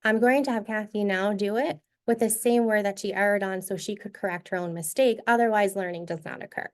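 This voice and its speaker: This teacher-training presenter is a woman who goes through a reading activity step by step, clearly showing how it's done. She talks a bit quickly, with her voice at a medium pitch.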